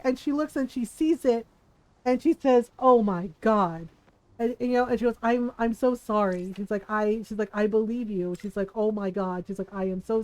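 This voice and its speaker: Chatty high-voiced woman streamer. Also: mellow, dry recording. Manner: chatty, acts out quoted voices, frequent "right?". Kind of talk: casual storytelling while gaming. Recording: dry close mic with faint game music.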